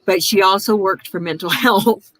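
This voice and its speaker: A woman's voice: medium pitch, moderate pace, fairly bright tone, poor audio. A woman chatting casually on a livestream, blunt and opinionated. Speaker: livestream host.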